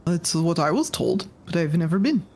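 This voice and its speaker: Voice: mid-range voice, lively intonation, normal speed, a little mellow. Tentative tabletop game player. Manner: tentative, questioning. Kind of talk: casual tabletop game play.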